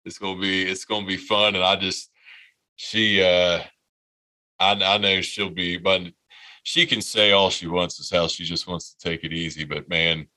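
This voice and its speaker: Podcast co-host, male, 30s: low and forceful voice, rambling profane storytelling. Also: fairly even intonation, moderate pace. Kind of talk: casual storytelling chat.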